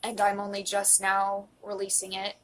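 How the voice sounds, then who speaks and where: A woman's voice: medium pitch, monotone, normal speed, fairly bright tone, a little hiss or hum, low-quality recording. A woman in her twenties speaking earnestly into a phone in a personal confessional vlog, emotional and close to tears, at times dropping to a whisper. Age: 20s. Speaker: vlogger.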